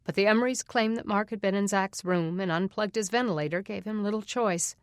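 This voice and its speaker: A woman reading a suspense audiobook in a steady, even narration. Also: mid-range voice, a little fast, dry recording, clean studio sound.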